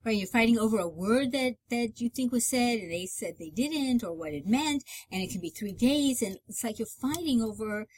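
A woman co-hosting a relationship advice talk, an animated storyteller who jumps in to finish her partner's points. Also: a little high, normal speed, hardly any pauses, breathy edge. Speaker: co-host. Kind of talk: conversational relationship advice show.

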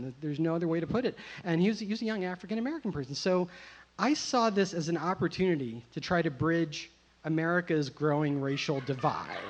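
Husky self-mocking storyteller, lots of "like" and "you know", muffled lo-fi sound. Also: mid-range voice. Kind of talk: live first-person storytelling. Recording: muffled lo-fi recording.

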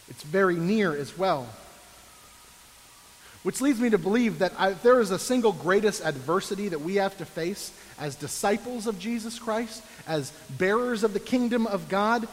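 A man's voice: high-pitched, fairly bright tone, in a large hall, rough recording. A man preaching a sermon with a sarcastic, mock-complaining edge before turning earnest. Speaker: pastor.

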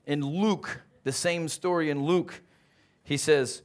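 A male pastor delivers a lively sermon at a church service, firing questions at his listeners and drawing answers back. His voice sits somewhat high for a man. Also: slow pace. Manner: animated, calls out questions to the congregation.

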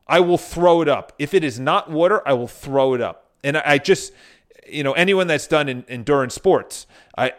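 Higher-voiced man giving motivational talk. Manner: storytelling with frequent restarts and casual swearing; addresses viewers directly. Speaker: motivational speaker. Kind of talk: casual motivational monologue.

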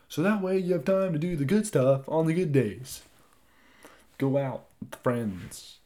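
A young man hosting his own podcast, chatting loosely and rambling, with frequent swearing and lively asides. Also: a little high, a little slow. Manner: rambling, profane, animated asides. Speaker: podcast host. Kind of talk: casual solo podcast chat.

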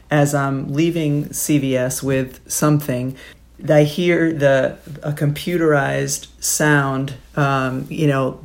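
A woman in her forties, a podcast co-host and sports broadcaster, chats casually and tells rambling stories packed with fillers. Her voice is bass and creaky.

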